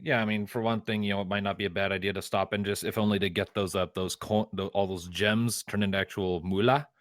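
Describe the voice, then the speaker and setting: A man's voice: lowish voice, steady tone, quick pace, dry recording, clean studio sound. A man playing in a tabletop game, chatting casually and making jokes with the group. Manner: jokey and playful. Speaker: player.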